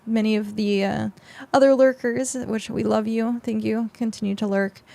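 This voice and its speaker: A woman's voice: a little high, fairly even intonation, moderate pace, vocal fry, few pauses, mellow. Chatty young woman streaming to viewers. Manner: rambling and chatty, many fillers. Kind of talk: casual livestream chat with viewers. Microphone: close mic.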